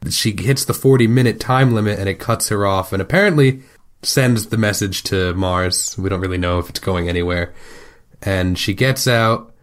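A man's voice: fairly low pitch, normal speed. Wry man narrating a TV plot. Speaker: podcast co-host. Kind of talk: casual recap chat.

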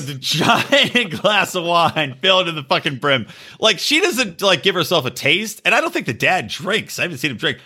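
A man co-hosting a podcast in casual chat, profane and animated, often mocking people in quick put-on voices. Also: on the high side, slightly rough. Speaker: podcast co-host.

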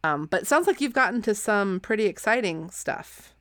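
A woman hosting a podcast in casual chat, talking fast and loose with plenty of fillers and laughs. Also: mid-range voice, animated, fairly bright tone, no echo, studio quality. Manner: chatty, giggly, lots of fillers. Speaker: podcast host.

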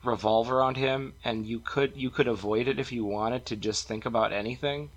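A man's voice: medium pitch, steady tone, moderate pace, a little hiss or hum. A man hosting a podcast, telling stories in a rambling, chatty way. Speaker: podcast host. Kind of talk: casual podcast chat.

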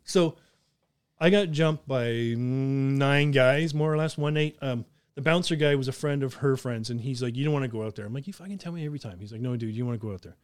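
A man from southern Ontario, Canada hosts a podcast, telling profane, animated stories in a casual way with plenty of laughter. His smooth mid-range voice moves a little fast, and the clean studio recording has no echo.

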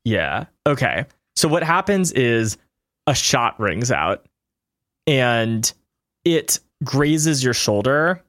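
Man game master, casual hesitant narration, mid-pitched voice, dry close recording. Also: big pitch swings, takes it slowly, a bit bright, no echo. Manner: loose, hesitant with fillers and laughs.

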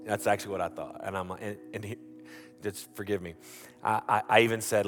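Earnest pastor over music. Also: male voice, on the low side, steady tone, fairly quick, fairly bright tone. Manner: storytelling, folksy and earnest with many restarts. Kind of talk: sermon. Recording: music playing under the voice.

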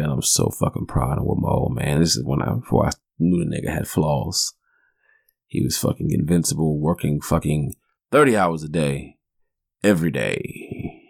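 Gravelly deep-voiced guy in his 40s, cussing and rambling, super laid-back podcast talk. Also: a little mellow, no echo, clean studio sound. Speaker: podcast host. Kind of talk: casual storytelling monologue.

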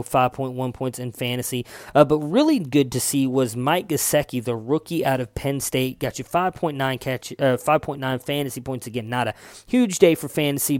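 A man's voice: mid-range voice, clean tone, no echo, clean studio sound. A young man hosting a casual fantasy football show, loose and chatty, swearing now and then and correcting himself as he reads stats. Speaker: fantasy football podcast host. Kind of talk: casual sports chat.

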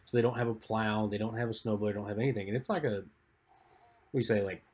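A man on a podcast with a lowish, husky voice, telling long stories in a relaxed, rambling way. His phrases often trail off quietly at the end. Casual conversation with a co-host. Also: fast talker. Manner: rambling, laid-back storytelling, trails off quietly at phrase ends. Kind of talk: casual chat.

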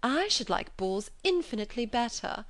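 Casting: woman playing a haughty young society lady, arch and pushy, pitched up, close dry read. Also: big pitch swings, normal speed, a bit bright, no echo. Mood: languid. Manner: arch, insistent.

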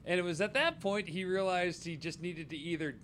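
A man's voice: high-pitched, a little fast, fairly bright tone, slight background noise. A man co-hosting a casual chat, retelling a story in an easygoing, hesitant way. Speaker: podcast co-host.

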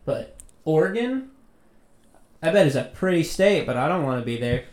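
Young guy, bit high voiced, argues every point, echoey room. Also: big pitch swings, normal speed. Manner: argumentative, stubborn. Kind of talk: casual chat.

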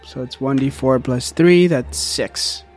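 A man's voice: mid-range voice, slow, darkish tone, soft background music. A man playing a tabletop game, joking around and laughing a lot. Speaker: player.

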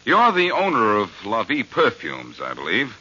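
A man's voice: on the low side, huge pitch swings, moderate pace, sharp tone, muffled recording, exaggerated voice. An actor playing a wry, wisecracking male sleuth in 1940s radio acting style. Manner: wry, teasing, smooth.

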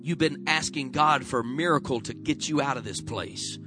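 A man's voice: medium pitch, moderate pace, hardly any pauses, music in the background. A man pastor delivering an impassioned sermon. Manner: impassioned preaching, dropping to a soft voice in prayer.

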